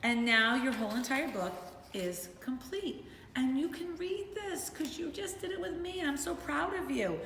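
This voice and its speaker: A middle-aged woman teaching young children a remote lesson from home, in an animated, encouraging sing-song manner. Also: high voice, normal speed, a little hiss or hum. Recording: roomy echo with faint ambience.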